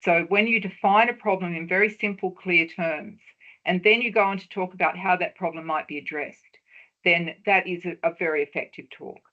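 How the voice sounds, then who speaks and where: A woman presenting a webinar lecture on research talks, measured and explanatory, stressing key words for emphasis. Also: fairly low pitch, bright, forceful tone, lo-fi sound.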